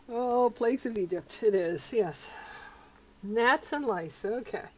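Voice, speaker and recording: A woman's voice: fairly high pitch, animated, slow. A woman casually livestreaming a puzzle game, chatting with viewers and her pets and laughing often. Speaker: streamer.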